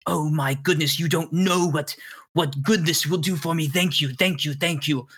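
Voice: medium pitch, fairly even intonation, moderate pace, fairly bright tone, breathy edge. A game master voicing an anxious, grateful man with a British accent, in a tabletop role-playing game. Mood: relieved. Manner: flustered, repeats words.

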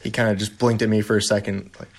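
A man, a veteran who drives deliveries, recounting a story in a relaxed, self-deprecating way with frequent "kinda" and "like". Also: fairly low pitch, fast, slight background noise. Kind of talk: storytelling interview.

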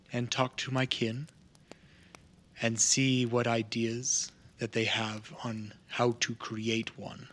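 A man voicing a proud, formal non-human crafter in a tabletop game, speaking slowly and with measured care. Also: medium pitch, fairly bright tone.

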